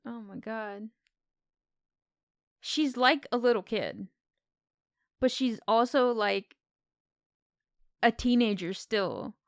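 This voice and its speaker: A woman co-hosting a casual film podcast, talking in an animated, exclamatory way. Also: a little high, slow pace, pauses often, no echo, clean studio sound. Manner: animated, exclamatory, acts out quotes. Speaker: podcast co-host.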